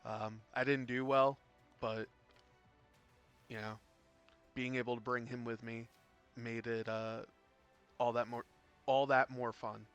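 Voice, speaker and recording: Man, game caster, bright clear voice, rambling chatty delivery with loud bursts, faint music underneath. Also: medium pitch, level tone, slow pace, pauses often, dull audio. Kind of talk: casual game commentary.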